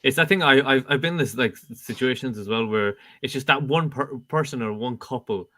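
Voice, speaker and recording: A man's voice: medium pitch, fairly quick, a bit bright, no room sound. Dry-sounding male podcast host. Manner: brief reactions and laughs, then shares his own gig experience. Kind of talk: casual chat.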